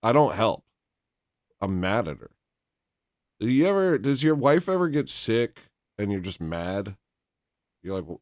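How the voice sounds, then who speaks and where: A man hosting a casual livestream, reading donations and rambling in a deadpan, teasing, self-mocking way. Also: fairly low pitch, unhurried, pauses often, no room sound, studio quality.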